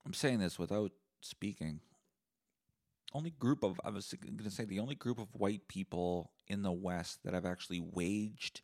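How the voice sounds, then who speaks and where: A man's voice: sits low, moderate pace. A young man from Canada hosting a podcast, delivering a sarcastic, profane solo rant. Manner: sarcastic, profane, animated ranting. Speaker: podcast host.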